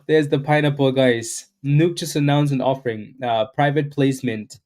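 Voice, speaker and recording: A man's voice: a little high, measured pace, a little mellow. A man hosting a live day-trading stream, chatting loosely through market commentary, greeting viewers and ending lines with "right?". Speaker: day-trading livestream host.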